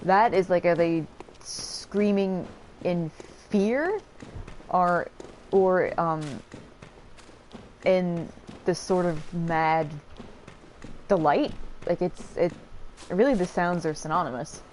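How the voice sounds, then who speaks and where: A woman's voice: lowish voice, slow, long pauses, darkish tone, a little hiss or hum. A woman casually commenting while she plays a video game, chatty and apologizing to the characters. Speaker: gameplay streamer. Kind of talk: casual let's-play commentary.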